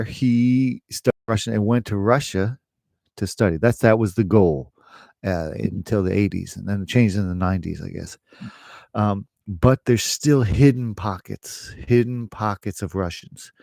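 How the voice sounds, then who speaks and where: A man's voice: lowish voice, a little mellow, no room sound, studio quality. A middle-aged man, an English teacher, chatting casually to camera in a rambling way, with fillers and laughs.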